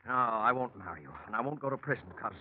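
A man's voice: medium pitch, expressive, quick pace, phone-quality sound, natural voice. A man playing a gloating killer fiancé. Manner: cold, taunting, menacing. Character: scheming man murdering his fiancée. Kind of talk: 1940s radio acting. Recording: hissy old radio recording.

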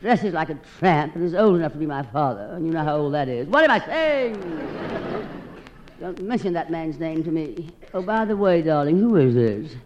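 A woman with a husky, theatrical drawl doing a sardonic, self-mocking comic monologue as one side of a phone call. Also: low voice, expressive, a little fast, few pauses, a faint crowd. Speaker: comedienne. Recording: dull old recording with loud hiss.

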